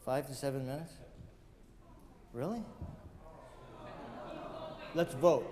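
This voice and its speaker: A man's voice: medium pitch, slow, big-room sound, noisy background. A man giving a motivational lecture, telling personal stories with joking asides and talking straight to his audience. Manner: joking asides, chuckles at own jokes; addresses audience directly, emphatic. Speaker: guest speaker.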